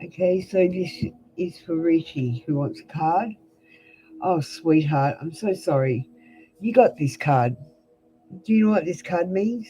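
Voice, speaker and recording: A woman's voice: lowish voice, animated, unhurried, warm tone, faint music behind, low-quality recording. A young adult Australian woman giving blunt, chatty tarot readings on a live stream, calling viewers by name. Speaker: tarot reader.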